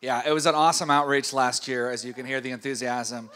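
Bright, playful church host, a man. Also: medium pitch, steady tone, fast talker. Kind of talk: church announcement interview. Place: church service on stage.

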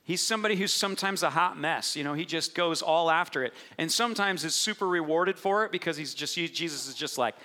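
Animated preacher in an echoey hall. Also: male voice, on the high side, quick pace, hardly any pauses. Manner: animated, playful storytelling with bursts of acted quotes. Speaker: pastor. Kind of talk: sermon. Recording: echoey hall with long reverb.

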